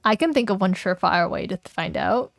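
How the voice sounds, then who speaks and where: A woman's voice: medium pitch, lively intonation, fairly quick, gravelly, no echo, faint music behind. A young woman streaming a game, chatting playfully and reading its text aloud, giggling often.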